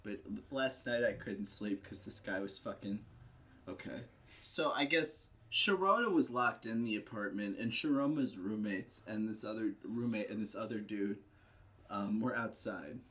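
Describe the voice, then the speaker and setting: A man's voice: on the low side, normal speed, fairly bright tone. A man in a casual podcast chat, telling a rambling story full of filler words.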